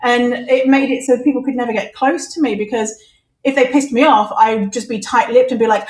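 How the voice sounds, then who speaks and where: A woman's voice: fairly high pitch, fairly even intonation, brisk. A woman hosting a podcast, talking candidly and laughing easily in casual chat. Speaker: podcast host. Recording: echoey room.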